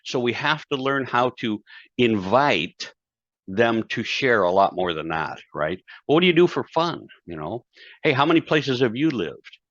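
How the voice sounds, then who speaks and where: A man's voice: mid-range voice, lively intonation, unhurried, a bit bright, dry recording. A man, a guest speaker and author, talking conversationally and acting out quoted dialogue in his stories. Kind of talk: conversational interview talk. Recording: dull, dry lo-fi sound.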